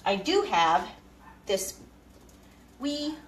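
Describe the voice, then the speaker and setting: Talking very slowly in a sing-song, mid-range voice with some brightness, a woman cooks and chats on a homesteading live stream, greeting viewers by name. The low-quality recording, made with a camera she moves around her kitchen, is reverberant.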